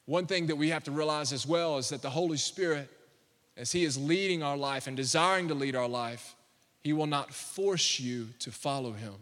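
A pastor in his thirties preaches from the sanctuary in a notably high, bright and forceful voice. He tells stories with humor, then climbs into fervent declarations. The sound hangs in the long reverb of a church hall. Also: moderate pace. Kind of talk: sermon.

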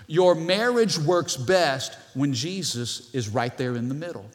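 A man preaching a sermon as pastor in a church, animated, with playful asides to the congregation. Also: on the high side, unhurried, hardly any pauses. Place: church sanctuary. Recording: long hall reverb from the church.

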